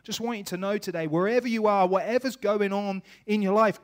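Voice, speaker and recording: A man preaching a sermon, tearful and emotional, swinging from hushed to loud. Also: high voice, brisk.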